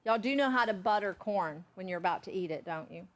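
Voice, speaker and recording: A middle-aged Southern woman from Savannah, Georgia, USA, chats in a folksy way while demonstrating recipes in a cooking class. Her medium-pitched voice is animated and a little fast, and she keeps checking in with "okay?"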